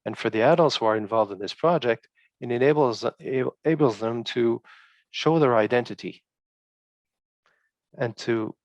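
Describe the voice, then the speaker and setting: A male researcher presenting study results in a halting way, with many fillers and restarts. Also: mid-range voice, no echo.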